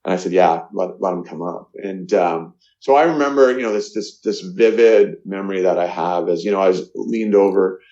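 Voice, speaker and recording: Earnest, halting man in an echoey room. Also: low voice, mellow. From Canada. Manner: halting, earnest, many fillers and restarts. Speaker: guest, charity founder. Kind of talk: emotional storytelling in a podcast interview. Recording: echoey, muffled lo-fi sound.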